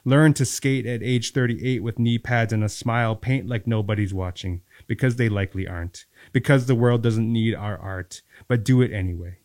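Low-voiced male poet, measured lyrical delivery, dry close sound. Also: a little mellow, no room sound. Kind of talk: poetry reading then casual chat.

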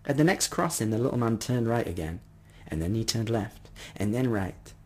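A man narrating a first-person story in an expressive reading voice. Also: on the low side, normal speed, slightly rough.

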